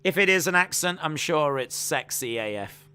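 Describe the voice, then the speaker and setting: A man's voice: a little high, animated, moderate pace, bright, forceful tone, clean tone. A man hosting a live fight watch-along, chatting with viewers, reading out their comments and calling the action. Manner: calls the fight action play-by-play. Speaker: live-stream host.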